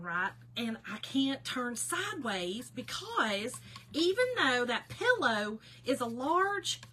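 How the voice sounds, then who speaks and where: A woman hosting a casual livestream, telling a story to her viewers in an animated way and often breaking into laughter. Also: on the high side, a little hiss or hum. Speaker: livestream host.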